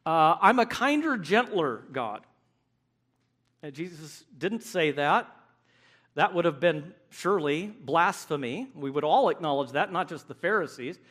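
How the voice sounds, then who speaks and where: A man preaching a sermon, emphatic and animated, acting out the voices he quotes. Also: a little high, measured pace.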